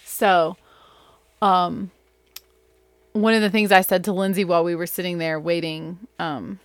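Slightly slow and on the low side, a woman's voice recounts a personal story with no room sound. It's a casual, animated monologue heavy on "like" and "you know," and she laughs at herself as she goes.

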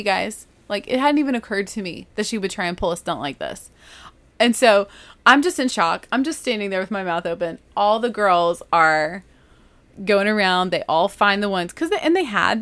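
A woman's voice: medium pitch, a bit bright. A woman in her thirties telling a story from her own family life. She talks casually and with animation, with a mid-range voice, and keeps slipping into laughter as she goes. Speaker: mother.

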